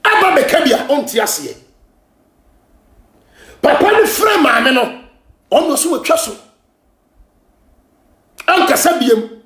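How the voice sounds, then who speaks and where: A Ghanaian man hosts a gossip show, ranting and scolding through heated commentary and often shouting as he mixes Twi and English. His voice is very high-pitched and extremely animated, yet he speaks slowly with long pauses, and the sound is roomy.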